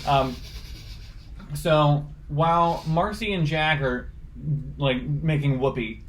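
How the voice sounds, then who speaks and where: Joking male podcast co-host. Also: a little high. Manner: joking, quick asides, laughs often. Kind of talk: casual movie recap chat.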